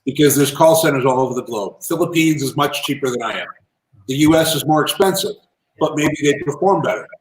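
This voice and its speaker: A man telling lively business anecdotes as an interview guest, in a casual, animated manner. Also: fairly high pitch, brisk, slight background noise. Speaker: guest, entrepreneur and author. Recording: roomy echo.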